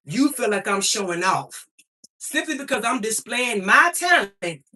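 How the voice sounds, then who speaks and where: A young adult woman livestreaming, firing back at her chat in a profane, preachy, confrontational way. Her voice is bright and sharp. She sits a little back from the mic, so the sound is somewhat distant. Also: a little high, big pitch swings, measured pace. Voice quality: profane, defiant.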